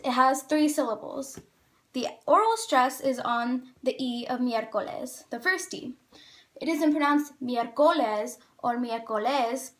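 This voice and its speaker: Woman, high pitch, clear lesson explainer, slows on examples. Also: fairly bright tone. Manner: careful, slows down on example words.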